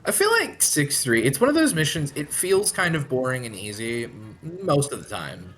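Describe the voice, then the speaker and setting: A man's voice: mid-range voice, big pitch swings, normal speed, over music. A man giving casual live speedrun commentary, chatty and analytical, often trailing off mid-thought.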